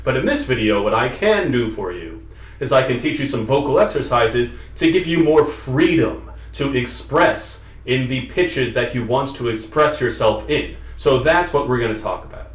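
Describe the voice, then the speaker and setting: A man's voice: medium pitch, lively intonation, moderate pace. A man giving an emphatic, lecturing explanation to camera as a self-improvement vlogger. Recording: roomy sound, distant from the mic.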